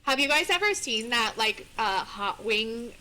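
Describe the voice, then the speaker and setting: A young woman co-hosting a book podcast, talking in an animated, chatty way. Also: a little high, low-quality recording. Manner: animated, chatty, quick to laugh. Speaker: podcast co-host. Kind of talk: casual book chat.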